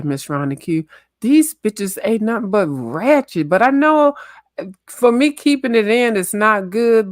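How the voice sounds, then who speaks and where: A woman's voice: low voice, dry recording. Slangy woman caller, dry sound. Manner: frank, slangy, chatty. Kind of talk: casual call-in chat.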